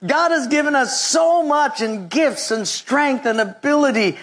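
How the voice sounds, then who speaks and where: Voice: medium pitch, expressive, moderate pace, a bit bright. Pastor, sermon, comic storytelling, call-and-response with the congregation, mid-range voice. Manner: humorous storyteller, jokes with the congregation; leads call-and-response with the audience. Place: before a live congregation.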